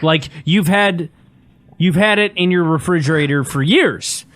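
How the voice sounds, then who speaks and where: A man's voice: a little high, unhurried, fairly bright tone. A man, co-hosting a podcast and rambling through a complaint with lots of fillers. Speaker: podcast co-host. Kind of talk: casual podcast chat.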